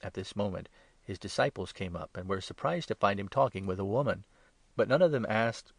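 A man reads scripture aloud in a steady, measured and solemn way. His voice sits low and carries a gravelly, creaky edge. The sound is dry and close, with no room around it. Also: no echo. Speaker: scripture reader. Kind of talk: scripted Bible reading.

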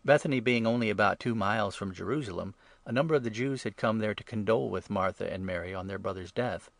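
Low-voiced man reading scripture. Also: fast talker, gravelly, dry recording. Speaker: reader.

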